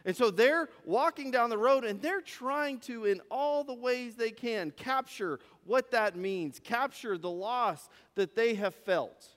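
Male preacher, high voice, narrative sermon with repeated phrases; long church reverb. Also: expressive, measured pace, hardly any pauses, fairly bright tone. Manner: storytelling, rhetorical questions, repeats phrases.

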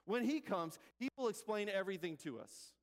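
Man reading samaritan woman, hopeful, measured, hall reverb. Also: high voice, animated.

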